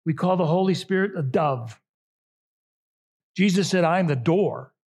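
Husky-voiced man preaching a sermon. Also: sits high, lively intonation, a little mellow. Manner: conversational, emphatic, drawn-out phrasing. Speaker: pastor.

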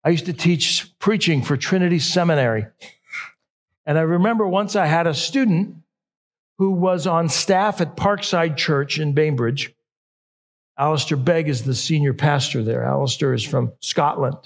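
Husky-voiced male preacher. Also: a little high, normal speed. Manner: conversational preaching with self-corrections. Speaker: pastor. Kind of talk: sermon.

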